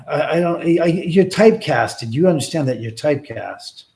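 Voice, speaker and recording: A man's voice: a little high, expressive, measured pace, gravelly, a little mellow. A man hosting a casual livestream, talking in a rambling, joking way with many restarts and asides to his viewers. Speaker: livestream host and filmmaker.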